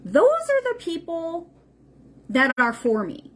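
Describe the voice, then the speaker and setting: Very high-pitched and fairly bright, her voice swoops wildly as she speaks at an unhurried pace. This spiritual livestream host keeps things casual and unscripted, blunt and profane, repeating herself for emphasis.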